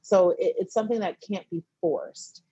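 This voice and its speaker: A woman in her thirties, a TV writer and director, talking casually as a guest and acting out her friends in sudden high-pitched bursts. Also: normal speed, husky, dry recording, highs cut off. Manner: animated, acts out friends' voices in high bursts, laughs often. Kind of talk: casual conversation.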